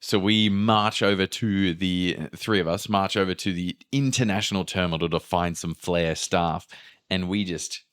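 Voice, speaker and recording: A man telling a travel story in casual podcast chat, swearing freely and acting out quotes with sudden pitch jumps. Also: steady tone, moderate pace, a bit bright, smooth.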